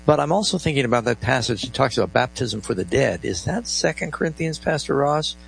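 A man's voice: mid-range voice, expressive, fairly quick, vocal fry, breathy edge, low-quality recording. A man hosting a live call-in Bible radio show, explaining scripture and reading verses aloud with stressed emphasis.

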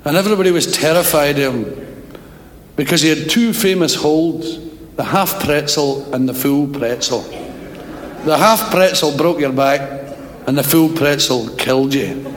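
A man telling a long joke on stage, slow and drawn out, breaking into loud shouted character bits. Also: fairly high pitch. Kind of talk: stand-up joke storytelling. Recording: reverberant hall with faint crowd and noise.

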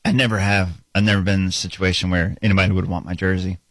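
A man's voice: low-pitched, flat delivery, fast talker, no echo. Easygoing man with a teasing laugh. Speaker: podcast co-host. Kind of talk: casual sports chat.

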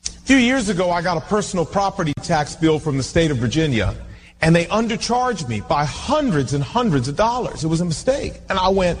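Male preacher, high and very lively delivery; recorded in a reverberant hall with faint noise behind. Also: brisk, faint music behind. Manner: animated, exclamatory storytelling. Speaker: pastor. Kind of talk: storytelling sermon. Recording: echoey hall, faint ambience.

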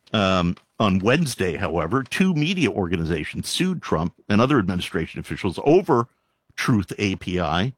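A man reads news aloud in a lively, swooping voice, stopping often to add sarcastic, exasperated remarks and heavy sighs. His pitch sits mid-range for a man. The sound is dry and close, with almost no room around it. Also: no echo. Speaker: commentator reading news. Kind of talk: reading news aloud with commentary.

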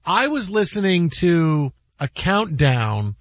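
A man's voice: a little high, big pitch swings, slow pace, dry recording, muffled recording. A man hosting a sports radio show, chatting casually and joking, often slipping into quoted voices. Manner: jokey, rambling, breaks into quoted voices.

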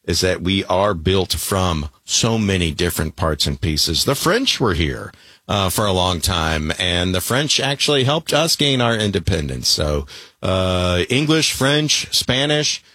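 A man's voice: low-pitched, lively intonation, a little slow, pushed and bright, slightly rough, no room sound. A man hosting a late-night talk radio show, taking calls in an easygoing, conversational way.

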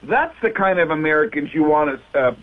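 A man's voice: on the high side, animated, fairly quick. A man from Canada calling in as a correspondent, speaking in an easygoing, wry way. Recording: tinny phone line.

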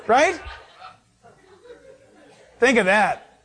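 A man's voice: extremely high pitch, big pitch swings, extremely slow, sharp tone, some chatter behind. A middle-aged male pastor preaching a sermon, acting out quotes and laughing as he goes.

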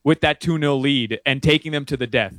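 A man talking soccer betting picks as a guest, rambling with many restarts and getting animated. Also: mid-range voice, fairly quick, no echo. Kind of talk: casual sports talk. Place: Miami area.

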